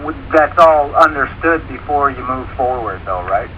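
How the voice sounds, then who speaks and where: A man's voice: medium pitch, expressive, moderate pace, phone-quality sound, slight background noise. A man hosting a radio interview, mostly agreeing and asking short prompting questions. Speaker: host.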